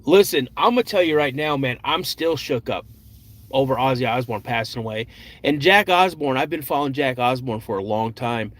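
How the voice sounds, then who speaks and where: A middle-aged man chatting casually as host of a podcast, at a middle pitch. He rambles through stories with repeated words and "um"s. His tone is plain and conversational. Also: moderate pace. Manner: rambling, with frequent restarts and filler words. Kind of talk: casual live chat and personal storytelling.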